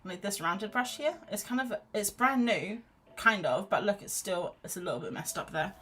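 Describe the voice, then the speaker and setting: A woman's voice: medium pitch, moderate pace, a little hiss or hum. A woman chatting casually on a live stream as she paints at home, reading out chat messages and cheering herself on. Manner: chatty, reads out chat, rambling and self-encouraging. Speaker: art streamer. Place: home, on a sofa wrapped in a blanket. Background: quiet background music.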